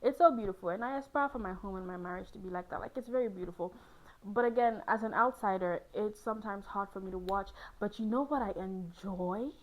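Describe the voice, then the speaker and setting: A young woman chatting casually to camera as a host, lively and laughing often, jumping into high squealing exclaims. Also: brisk, low-quality recording. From Ghana.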